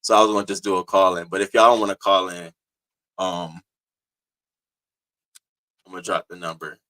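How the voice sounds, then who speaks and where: A man hosting a casual live-stream commentary, animated as he greets viewers by name from the chat and swears freely. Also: deep voice, normal speed.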